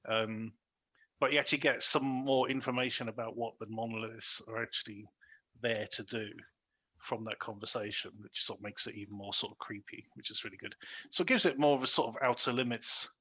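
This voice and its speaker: Bright, husky man chatting about films. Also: mid-range voice, fairly quick. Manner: animated, acts out quotes, many fillers. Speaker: podcast host. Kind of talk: casual film review chat.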